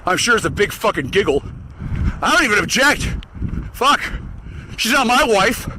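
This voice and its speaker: Angry high-voiced man through a vocoder. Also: sing-song, normal speed, bright, forceful tone, a little hiss or hum, rough recording. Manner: angry, profane, swearing constantly. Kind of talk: solo ranting monologue.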